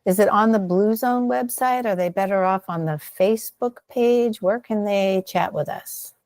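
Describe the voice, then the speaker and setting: A woman's voice: mid-range voice, normal speed, darkish tone, dry recording. A woman respiratory therapist co-hosting a health podcast, talking in an upbeat, coaching way. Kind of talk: casual health podcast chat.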